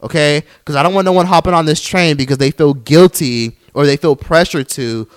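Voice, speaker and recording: A man's voice: fairly high pitch, a little fast, clear, resonant tone. A young man hosting a solo podcast, heated and profane, mocking others in put-on voices. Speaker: podcast host.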